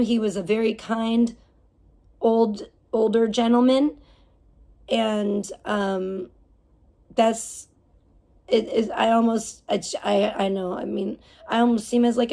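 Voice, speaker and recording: A woman's voice: fairly high pitch, fairly even intonation, slow pace, pauses often, dark tone. A woman livestreaming and reading her chat, ranting casually with heavy swearing, indignant and rambling. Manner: rambling with fillers and restarts.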